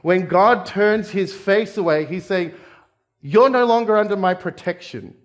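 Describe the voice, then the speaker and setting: A man from Australia, a pastor preaching a conversational sermon, asking the congregation questions and dropping jokey asides. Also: high-pitched. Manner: jokey asides with quick laughs.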